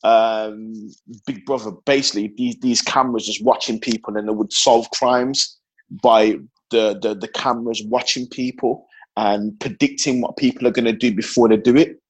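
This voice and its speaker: A man in a casual podcast chat, his voice husky and middle-pitched. He talks earnestly, stumbling and repeating words as he goes. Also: fairly even intonation, moderate pace, rough recording. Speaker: podcast co-host.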